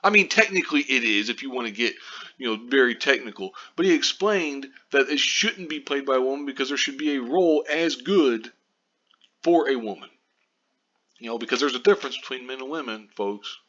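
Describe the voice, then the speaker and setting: A man's voice: medium pitch, moderate pace, fairly bright tone, dull audio. A man ranting in a commentary vlog, exasperated and profane, rambling between asides. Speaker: video commentator.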